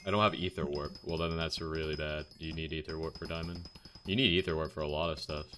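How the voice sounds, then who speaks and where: A man's voice: rumbling low, fairly even intonation, quick pace, a bit bright, a little hiss or hum. A young man streaming a game, casually and bluntly answering viewer questions in a chatty way.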